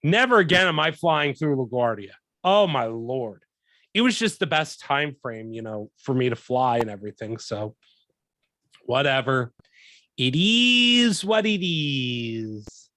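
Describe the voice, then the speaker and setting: A young man hosting a podcast, telling a profane story in a casual, animated way and acting out what people said. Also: medium pitch, normal speed, no echo, clean studio sound. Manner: profane, animated, acts out quoted lines. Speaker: podcast host.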